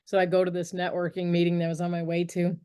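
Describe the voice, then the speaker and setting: Low-voiced middle-aged woman telling stories. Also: fast talker, clean tone. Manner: lively, laughs often, acts out quoted dialogue. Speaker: podcast guest. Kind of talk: animated storytelling in conversation. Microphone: video call.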